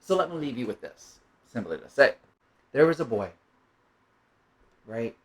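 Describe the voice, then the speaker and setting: Man, mid-pitched voice, reflective monologue, rambling and musing, tag questions throughout. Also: sing-song, unhurried, poor audio. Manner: rambling, musing, keeps asking "right?". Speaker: monologue speaker.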